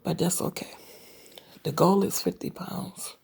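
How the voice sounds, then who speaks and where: A woman's voice: fairly low pitch, fairly even intonation, a little slow, gravelly, darkish tone, husky. A woman in her late forties talking casually to her viewers in a personal vlog, rambling with many fillers and dropping into whispered asides. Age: 40s. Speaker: vlogger.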